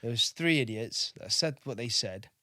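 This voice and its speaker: Male navy veteran, thirties, mid-pitched, candid and profane, dry close recording. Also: animated, moderate pace, pushed and bright, dry recording. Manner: blunt, swears freely, keeps asking "do you know what I mean". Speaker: podcast guest, navy veteran.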